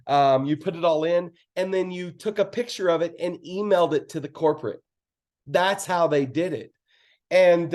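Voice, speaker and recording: A man's voice: fairly high pitch, a little mellow. Earnest man telling his business story. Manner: earnest, candid, many fillers and acted quotes. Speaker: network marketing speaker. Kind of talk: casual storytelling to a team.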